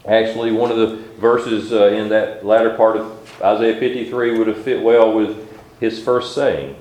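A man's voice: fairly low pitch, steady tone, a little mellow. Preacher man in an echoey room. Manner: reads scripture aloud in old-style wording, slow and measured. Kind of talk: sermon.

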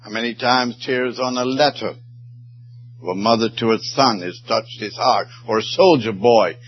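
A man's voice: medium pitch, normal speed, breathy edge. A man preaching a sermon, his voice swelling and falling with emotion. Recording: muffled sermon recording.

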